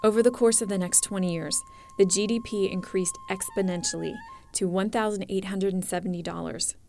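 A woman narrating a documentary story in a scripted, clear and measured way. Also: mid-range voice, steady tone, a little mellow, soft background music.

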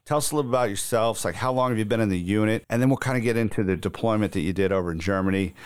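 Very deep-voiced man hosting a podcast. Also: racing, smooth, no echo, studio quality. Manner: rambling storyteller, chuckles, filler-heavy. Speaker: podcast host and reserve wing commander. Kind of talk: casual podcast interview.

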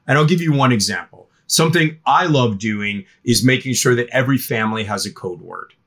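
A middle-aged man, a guest expert on teen parenting, speaking in a podcast interview with an animated manner. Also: mid-range voice, fairly quick.

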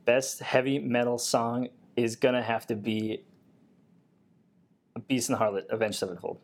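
A man being interviewed on a podcast who answers in an easygoing way, often pausing with fillers. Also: mid-range voice, little pitch movement. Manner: easygoing, hesitant with many fillers. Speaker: guest, Air Force technician.

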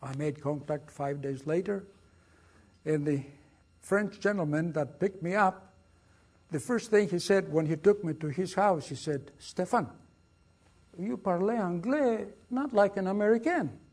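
Husky older Greek-accented man telling war stories. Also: a little high, measured pace. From Greece. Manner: lively, dramatic storytelling with acted quotes. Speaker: guest speaker. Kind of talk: storytelling lecture.

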